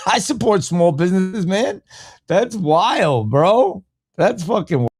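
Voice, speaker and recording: A man's voice: high voice, animated, slow, darkish tone, slightly rough, no echo, clean studio sound. A male podcast host chatting casually on a live stream, talking back to viewers by name in a blunt, profane, argumentative way.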